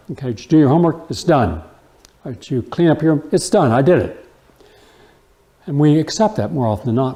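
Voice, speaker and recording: Mellow-voiced man lecturing emphatically. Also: mid-range voice. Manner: emphatic, rhetorical questions and personal anecdotes. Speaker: host and health lecturer. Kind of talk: lecture to a live audience.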